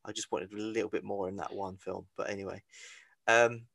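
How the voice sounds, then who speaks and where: A man's voice: lowish voice, fairly quick, vocal fry. A young man co-hosting a podcast, casually running through lists and steering the chat. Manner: relaxed, steering the conversation. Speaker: podcast co-host.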